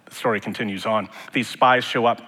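A man's voice: lowish voice, fairly even intonation, a little fast, sharp tone, breathy edge. A man preaching a sermon in a church, conversational, with joking asides. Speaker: pastor. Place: church sanctuary. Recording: long reverb of a sanctuary.

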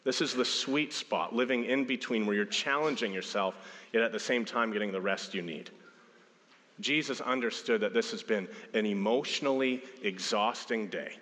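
His pitch fairly low and his tone a bit bright, a pastor in his thirties preaches at a normal pace, telling stories and performing quotes with a raised voice. The recording carries a long hall reverb.

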